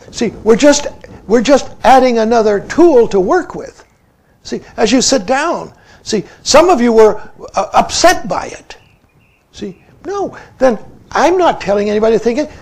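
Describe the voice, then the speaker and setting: A Zen teacher in his seventies speaks slowly in a very high, gravelly voice. His pitch moves a lot as he asks his listeners questions, and he drops "see" into nearly every sentence. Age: 70s. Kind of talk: dharma talk.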